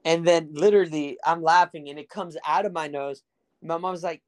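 A young man from South Texas rambles through a crude anecdote for his podcast. His voice sits a touch higher than most men's. He fills the gaps with ums and asides, and he jokes at his own expense. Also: steady tone, brisk. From Rio Grande Valley, Texas. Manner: rambling, crude, joking, full of fillers. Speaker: podcast host. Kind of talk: casual storytelling podcast.

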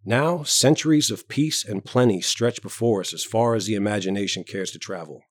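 A man's voice: on the low side, normal speed, no echo, clean studio sound, close to an everyday voice. A man reading a serene elderly doctor. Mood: serene, persuasive. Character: elderly male doctor, serene and self-satisfied. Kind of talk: audiobook character reading.

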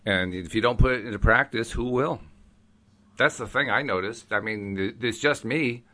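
A man's voice: medium pitch, moderate pace, pushed and bright. A man hosting a casual talk show, chatty and easygoing, thinking aloud as he goes. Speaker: podcast host. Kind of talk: casual chat.

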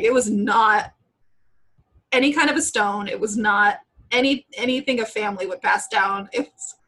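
In a low-quality recording, a thirtysomething podcast co-host talks at a normal speed in a husky, mid-range voice. She's chatty and laughs a lot, acting out what others said in lively voices.

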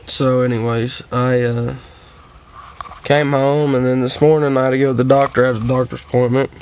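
A man's voice: mid-range voice, little pitch movement, normal speed, a little mellow, slight background noise. Tired, cussing man rambling to viewers. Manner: profane, drawling and meandering, full of fillers. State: worn out and tired. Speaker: vlogger. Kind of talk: rambling casual monologue to viewers. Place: at home, sitting.

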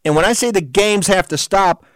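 Male host, heated combative monologue, slightly high voice, dry close sound. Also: fairly bright tone, no room sound. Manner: rapid-fire rhetorical questions. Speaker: talk show host. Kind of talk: political talk show monologue.

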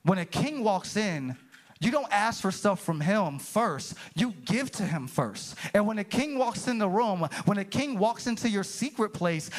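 A pastor preaching a sermon to his congregation, animated and calling out for response. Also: high voice. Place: church sanctuary.

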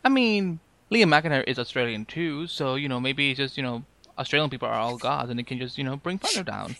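A man's voice: medium pitch, animated, brisk, gravelly, pushed and bright. A man co-hosting a podcast, chatting casually about a TV episode, joking and rambling and trailing off with asides. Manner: rambling, joking, trails off with "I'm just saying". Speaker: podcast co-host. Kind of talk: casual fan review chat.

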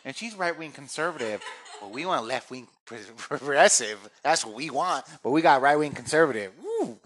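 A man co-hosting a podcast, chatting casually and telling stories in a loud, joking, profane way. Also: medium pitch, expressive, fairly quick. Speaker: podcast co-host. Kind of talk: casual crude chat.

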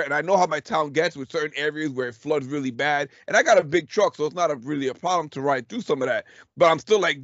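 A fairly high-voiced man in his thirties tells a story in a loose, animated way, swearing and laughing as he acts out the quotes. The sound is dull and lo-fi, with a dry, close feel. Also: fast, no echo. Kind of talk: casual storytelling chat.

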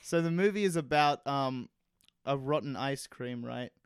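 Man, podcast co-host, loose rambling banter with swearing, smooth clear voice, dry close sound. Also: mid-range voice, a little slow, dry recording. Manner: rambling, swears casually, jokey. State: hot and sweaty. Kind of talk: casual chat.

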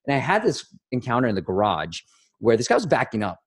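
A man in his thirties hosting a casual chat, animated, acting out stories in a raised voice. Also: medium pitch, fast talker, slightly rough. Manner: animated, acts out quotes in a raised voice. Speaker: podcast host.

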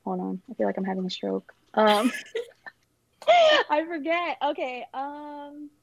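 A woman's voice: sits high, sing-song, a little slow, slight background noise. A young woman chatting casually and rambling through her engagement story, with lots of fillers and giggles. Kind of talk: casual chat. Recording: dull lo-fi sound.

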